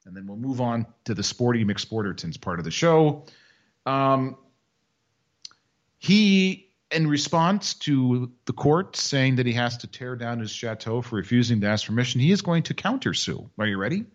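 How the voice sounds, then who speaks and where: A man's voice: medium pitch, animated, moderate pace, lo-fi sound. A man co-hosting a casual podcast, telling a news story with mocking sarcasm. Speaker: podcast co-host. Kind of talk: casual chat.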